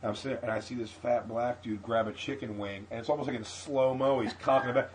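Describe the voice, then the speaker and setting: A man's voice: medium pitch, fast, slight background noise, rough recording. A male comedian telling a profane story on a podcast, acting out the people in it. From Philadelphia area. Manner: animated, profane anecdote with acted-out quotes. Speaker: comedian guest.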